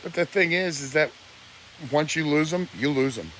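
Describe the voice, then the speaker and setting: A man's voice: fairly high pitch, normal speed, a bit bright, a little hiss or hum. A man ranting on a live stream, preachy and blunt, his voice close to breaking with emotion. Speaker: livestreamer.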